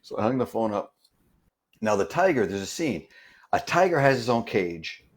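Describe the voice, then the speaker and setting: Halting man telling a stunt story. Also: fairly low pitch, very animated. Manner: halting, repeats words while recounting. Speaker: stunt performer guest. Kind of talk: casual anecdote telling.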